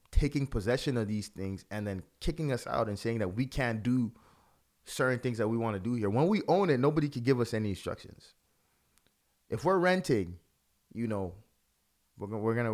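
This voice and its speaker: A man's voice: fairly low pitch, a little mellow. A man, a pastor, giving religious video commentary with impassioned, repetitive phrasing.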